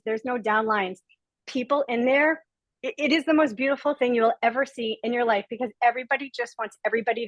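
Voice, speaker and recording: A woman's voice: fairly high pitch, no room sound, rough recording. A woman in her forties from Rhode Island, emotional and near tears, giving an earnest, gushing testimonial as a guest speaker on a webinar video call.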